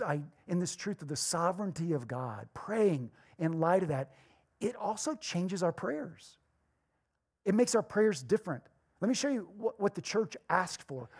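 Breathy woman preaching a sermon. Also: lowish voice. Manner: conversational, animated with rhetorical questions.

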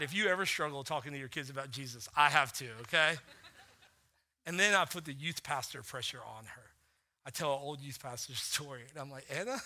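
Bright-voiced pastor, chatty storytelling sermon. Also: male voice, fairly high pitch. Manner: conversational storytelling, many "like" fillers, swings from hushed to animated.

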